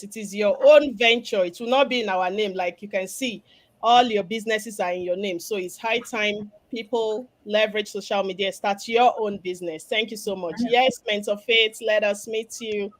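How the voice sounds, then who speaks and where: A woman's voice: medium pitch, normal speed. Upbeat Nigerian woman hosting a live stream. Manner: upbeat, promotional. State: has a cough. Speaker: host, business mentor. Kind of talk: live stream panel chat.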